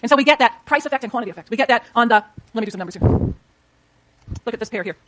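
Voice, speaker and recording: An economics lecturer explains step by step in a classroom lecture, drawing graphs and talking to her students. Her voice is a little high, animated and fairly bright, and she speaks very fast.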